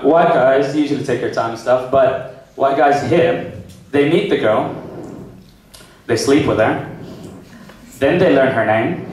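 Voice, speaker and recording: A man performing a stand-up comedy set, animated and slipping into exaggerated character voices for his jokes. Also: mid-range voice, a little hiss or hum. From New Zealand. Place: comedy club stage with a laughing audience. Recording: echoey club recording from far off.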